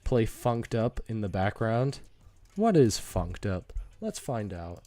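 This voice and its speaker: A man's voice: on the low side, sing-song, slow, mellow, faint music behind. A teenage boy streamer telling a casual, rambling story, full of fillers and asides.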